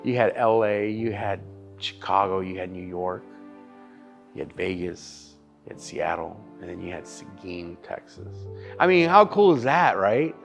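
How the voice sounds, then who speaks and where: A man in his thirties, a barbecue restaurant chef-owner, telling his story in a casual interview, animated and swearing freely, calling the listener dude and brother. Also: low voice, a little slow, creaky, soft background music.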